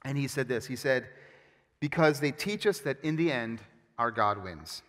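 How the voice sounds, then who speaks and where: A man preaching a sermon as pastor, with animated, emphatic storytelling and frequent restarts. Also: medium pitch, moderate pace. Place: church sanctuary. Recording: long hall reverb.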